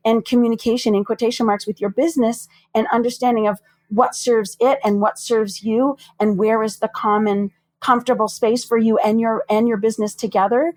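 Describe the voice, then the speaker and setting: Brief: woman therapist guest, slightly high voice, measured and calm, dry close sound. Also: dry recording. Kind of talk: measured, reflective interview talk.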